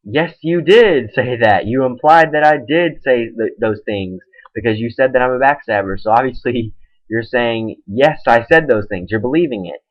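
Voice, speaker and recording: A man's voice: medium pitch, normal speed. A young man ranting in a webcam monologue, exasperated as he retells a quarrel with a friend through quoted back-and-forth. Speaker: webcam vlogger. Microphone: webcam microphone. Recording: dull lo-fi webcam audio.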